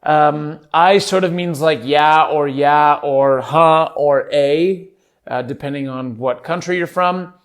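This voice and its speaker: A man's voice: a little high, slow. A man hosting a solo podcast, chatting casually in a goofy, rambling, self-amused way. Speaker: podcast host.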